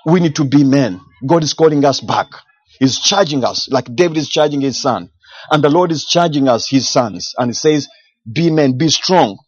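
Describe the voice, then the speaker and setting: A man's voice: mid-range voice, lively intonation, normal speed, husky, no room sound. Fervent male preacher, dull dry sound. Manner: fervent, repeating phrases for emphasis. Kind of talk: sermon.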